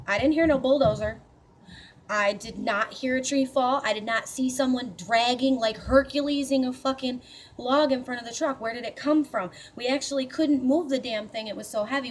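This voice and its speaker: A woman recounts a spooky thing that happened to her, chatting casually and swearing, full of fillers and asides, yet matter-of-fact and mildly skeptical. Her voice is a little high, with a slight hiss or hum in the recording.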